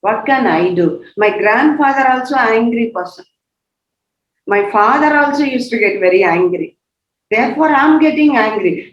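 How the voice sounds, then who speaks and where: Emphatic religious sister, echoey talk. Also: female voice, fairly high pitch. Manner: emphatic, repeats key words, asks rhetorical questions. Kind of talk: spiritual talk. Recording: echoey, slightly dull recording.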